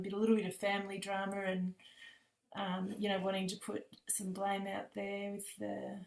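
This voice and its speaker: A woman's voice: medium pitch, creaky, roomy sound, poor audio. A tired woman sharing personal feelings in a group video call, hesitant and searching, with many fillers. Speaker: participant sharing in a group session.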